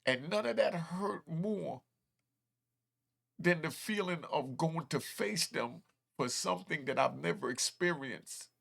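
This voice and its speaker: Emotional gravelly man in his fifties. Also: fairly high pitch, measured pace, a bit bright. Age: 50s. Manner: raw, emotional, street slang. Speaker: host telling his story. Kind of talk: emotional personal storytelling.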